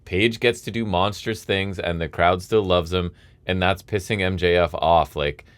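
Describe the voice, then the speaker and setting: A man's voice: sits low, steady tone, moderate pace, clear, resonant tone, dry recording. A man co-hosting a podcast, casually analyzing a storyline and checking in with "right?". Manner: thoughtful, analytical, ends points with "right?". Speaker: podcast co-host.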